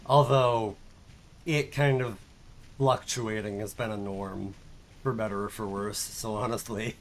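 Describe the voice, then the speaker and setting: A man's voice: fairly low pitch, slow, pauses often, slight background noise. A young man streaming a game, chatting casually in a rambling, self-mocking way and laughing often. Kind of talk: casual chat while gaming.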